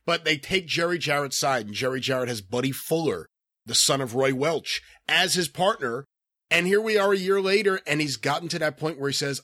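A man's voice: a little high, lively intonation, fairly quick, bright, forceful tone, no room sound, clean studio sound. A man co-hosting a podcast in casual chat, explaining history fluently and step by step. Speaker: podcast co-host.

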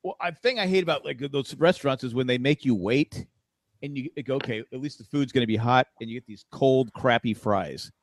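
A man's voice: mid-range voice, a little fast, no room sound. A man co-hosting a podcast, joking and teasing his friends in casual banter. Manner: joking, bursts into loud put-on voices. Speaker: podcast co-host.

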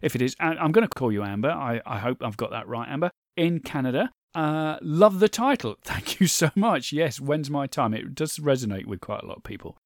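A man's voice: mid-range voice, expressive, brisk, hardly any pauses, no echo, studio quality. A man hosting his own podcast solo, speaking earnestly and thankfully, with chatty asides and small stumbles over names. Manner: earnest, thankful, reads listener reviews aloud. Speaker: podcast host.

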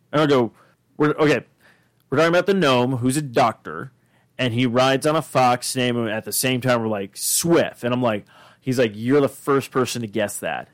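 Podcast host, male, casual rambling storyteller, mid pitch, dry close sound. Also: no room sound. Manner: rambling, many fillers and restarts; acts out quoted dialogue.

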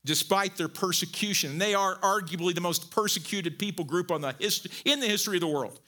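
A man preaching a sermon as pastor, animated and conversational, swinging from low quiet phrases to loud emphatic peaks with folksy asides. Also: a little fast.

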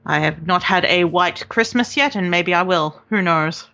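A woman's voice: lowish voice, normal speed, bright, forceful tone, muffled recording. A young Australian woman, just over a cold, chatting as a podcast guest, hesitant with many ums and restarts. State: recovering from a cold. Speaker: podcast guest, game developer. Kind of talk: casual interview chat.

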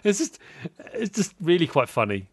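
A man's voice: on the high side, sing-song, normal speed, husky, dry recording, studio quality. A man hosting a podcast interview, chatting casually and animatedly, often laughing and acting out quoted voices. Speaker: podcast host.

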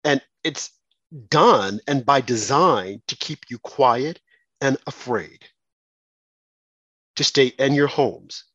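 A man hosting a talk radio show, delivering a fervent, emphatic, preacherly monologue in a husky voice. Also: mid-range voice, a bit bright, dry recording, muffled recording.

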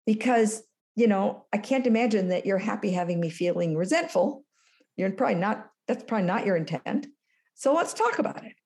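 A woman in her sixties speaks as an interview guest, her voice mellow and soft-edged. She tells anecdotes with animation and slips into acting out the dialogue. She keeps her pitch in an ordinary middle range. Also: brisk. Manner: animated storyteller, acts out dialogue. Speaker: guest, former business school lecturer. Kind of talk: storytelling in an interview.

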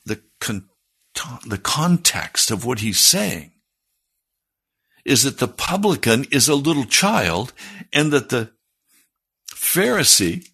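A man with a husky voice preaching a sermon, earnest and building to fervent emphasis. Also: mid-range voice, very animated, slow pace, long pauses, sharp tone.

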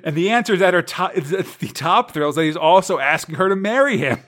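A man's voice: high-pitched, animated, fast, fairly bright tone. A man co-hosting a casual podcast, recapping a comic story in a rambling way with lots of fillers and laughs. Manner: rambling, many "like" fillers and restarts, laughs often. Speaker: podcast co-host.

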